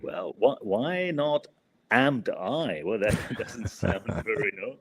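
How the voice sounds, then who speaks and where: A man's voice: on the low side, animated, takes it slowly, slight background noise. A man co-hosting a podcast English lesson, hesitant and full of fillers, often adding "no?" to his sentences. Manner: hesitant, many fillers and tag "no?". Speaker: co-host and English teacher.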